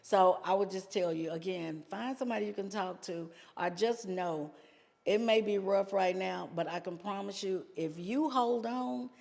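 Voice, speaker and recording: A woman guest telling personal stories in an animated way, laughing often and addressing listeners as "y'all". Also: mid-range voice, moderate pace, creaky. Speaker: podcast guest. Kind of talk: personal storytelling. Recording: long hall reverb.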